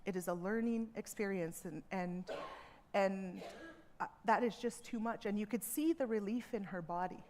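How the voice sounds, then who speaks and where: A woman speaking earnestly to a seminar audience from a theatre stage, measured, with emphatic repetitions. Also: mid-range voice, a little mellow, slight background noise. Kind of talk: reflective public talk.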